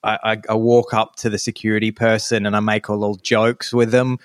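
A man's voice: lowish voice, brisk, no echo. Australian man, dry close podcast voice. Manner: animated, slips into mock voices for jokes. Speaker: podcast co-host. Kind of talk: casual comedic chat.

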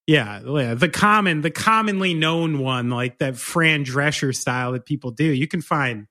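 A man's voice: a little high, normal speed, sharp tone. Joking, storytelling man podcast co-host. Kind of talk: casual chat.

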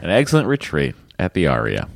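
A man with a deep, gravelly voice co-hosts a laid-back podcast, his pitch swinging around a lot as he jokes. He reads listener emails aloud with playful asides, recorded close and dry. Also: wildly swooping pitch, fairly quick, no room sound. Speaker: podcast co-host. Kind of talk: casual podcast banter.

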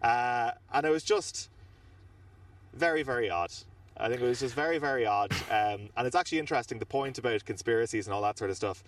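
An Irish man, a reporter and podcast co-host, telling animated, rambling stories from a trip, recorded outside a large building. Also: mid-range voice, a little fast, distant mic, slight background noise. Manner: animated, rambling anecdotes with fillers. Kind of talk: casual on-location storytelling. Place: outdoors in front of a large government building.

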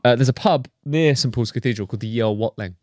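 A man co-hosting a podcast in relaxed casual chat, easygoing and a little hesitant. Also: mid-range voice, fast, no room sound, clean studio sound. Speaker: podcast co-host.

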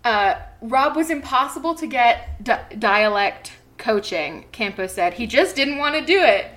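A young woman with a slightly high voice co-hosts a casual podcast, reading an article aloud. She talks loudly and animatedly, trailing off into her own asides at a home podcast mic. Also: unhurried. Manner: loud and animated, laughing, trailing off. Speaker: podcast co-host.

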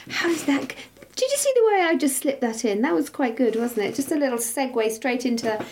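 A woman's voice: a little high, darkish tone. Playful woman hosting a podcast. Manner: playful, teasing. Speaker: podcast host. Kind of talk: casual interview chat.

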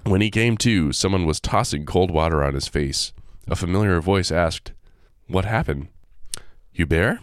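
A man hosting, reading a folk tale aloud with animated, joking asides. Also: low voice, normal speed, few pauses, no echo, studio quality. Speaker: host. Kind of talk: storytelling with jokey asides.

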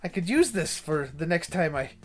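A man's voice: on the high side, big pitch swings, normal speed, fairly bright tone. A man voicing a fussy male artisan who gushes and stammers over an owl-person's plumage in a game episode clip. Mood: enthralled.

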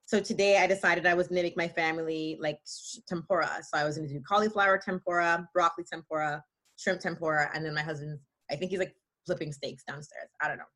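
A woman co-hosting a podcast in casual chat, animated and jokey with mock-dramatic complaints. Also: deep voice, fast talker. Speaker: podcast co-host.

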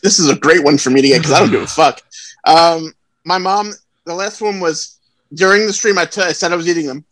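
A man's voice: on the high side, fairly quick, dry recording. A man co-hosting a podcast, joking and laughing through a casual drinking game. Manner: loud, laughing, joking banter. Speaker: podcast co-host.

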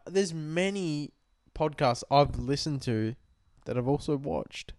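A young man co-hosting a podcast, tipsy, loud and rambling, swearing a lot in casual banter. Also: fairly high pitch, expressive, takes it slowly, no room sound. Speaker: podcast co-host.

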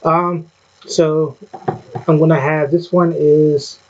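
A man co-hosting a podcast in casual chat, talking in a hesitant, halting way. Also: a little high, flat delivery, darkish tone. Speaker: podcast co-host. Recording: dull lo-fi sound.

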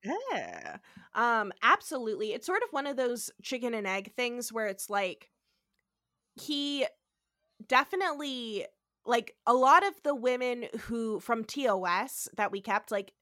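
Bright, chatty woman podcast host. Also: on the high side, expressive, measured pace, no echo, studio quality. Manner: chatty, swears freely, acts out quotes. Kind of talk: casual chat.

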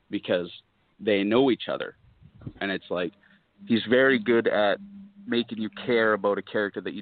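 A man chatting as a guest, speaking thoughtfully and hesitantly, often clearing his throat. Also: on the low side, no room sound. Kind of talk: casual chat over a call. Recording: tinny call audio, dry.

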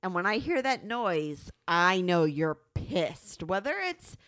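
A woman's voice: lowish voice, takes it slowly, dry recording. A woman co-hosting a candid couple's podcast, talking animatedly and swearing freely as she acts out her partner's lines. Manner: animated, profane, acts out quotes. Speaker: podcast co-host.

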